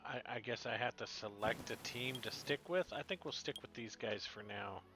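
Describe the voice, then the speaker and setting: A man's voice: mid-range voice, moderate pace, creaky, background noise. A man playing a computer-building game, joking wryly as he reads the messages aloud. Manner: wry, joking asides. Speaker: gaming channel host. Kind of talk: let's play commentary.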